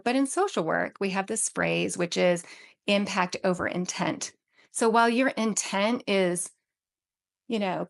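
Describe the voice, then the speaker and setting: Calm woman giving steady parenting advice. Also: mid-range voice, vocal fry. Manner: calm, steady, coaching tone with frequent "right?". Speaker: social work background. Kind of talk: direct-to-camera advice talk.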